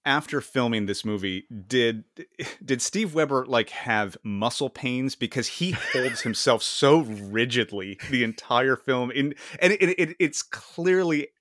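A man's voice: mid-range voice, animated, a little slow, a bit bright, no room sound. A man co-hosting a podcast in casual chat, stumbling and repeating words and laughing often. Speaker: podcast co-host.

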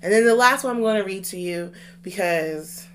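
A woman's voice: mid-range voice, moderate pace, fairly bright tone. Chatty young woman co-host. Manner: chatty, rambling with restarts and fillers. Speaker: podcast co-host. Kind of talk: casual podcast chat.

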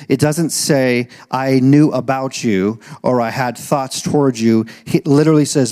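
A male pastor preaching a sermon, emphatic, slowing right down to stress key phrases and swinging from low and measured to loud and rising. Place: church auditorium. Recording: long reverb in a large hall.

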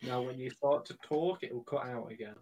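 Wry young British man, mid-pitched. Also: darkish tone, low-quality recording. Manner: wry, quick quips, addresses friends as bro. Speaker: podcast co-host. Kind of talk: casual chat.

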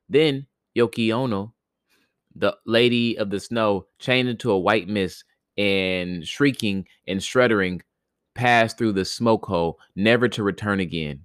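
A man's voice: fairly low pitch, measured pace, fairly bright tone, smooth, no echo, clean studio sound. A man hosting a podcast, reading a ghost story aloud with frequent stumbles and restarts, then retelling it in joking slang. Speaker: podcast host reading stories. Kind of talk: casual storybook reading with commentary.

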